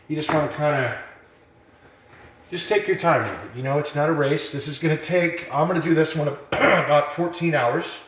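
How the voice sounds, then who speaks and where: Laid-back man teaching in an echoey kitchen. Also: on the high side. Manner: relaxed, rambling, lots of fillers. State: a bit out of breath. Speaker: cooking instructor. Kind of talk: casual how-to demonstration.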